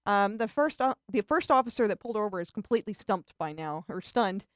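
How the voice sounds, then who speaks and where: A woman's voice: mid-range voice, lively intonation, quick pace, no echo, studio quality. A woman hosting a casual live-streamed talk show, chatting and telling jokes with a giggly, easygoing manner and frequent restarts. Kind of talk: casual chat.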